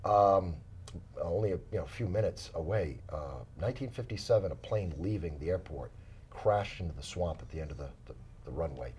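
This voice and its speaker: A man's voice: deep voice, lively intonation, a little fast, darkish tone, a little hiss or hum. A man, a paranormal investigator guest in a small studio, telling his stories in a casual interview with many fillers and restarts.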